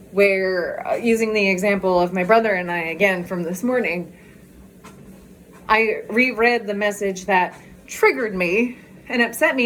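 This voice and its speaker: A woman's voice: medium pitch, a bit bright, a little hiss or hum. A woman vlogger chatting candidly in a casual walk-and-talk video, talking outdoors as she walks.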